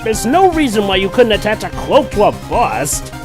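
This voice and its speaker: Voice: mid-range voice, sing-song, moderate pace, close to an everyday voice. Phoenix Wright read by a commentator. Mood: declaring. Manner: dramatic exclamations, playful. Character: young male defense lawyer, confident and theatrical. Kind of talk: reading game dialogue aloud on a let's play. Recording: game music behind the voice.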